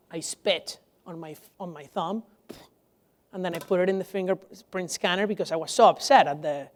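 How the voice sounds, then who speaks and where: A young man from Venezuela, giving a public lecture as guest speaker, telling stories with animation and frequent restarts. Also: high-pitched. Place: lecture hall.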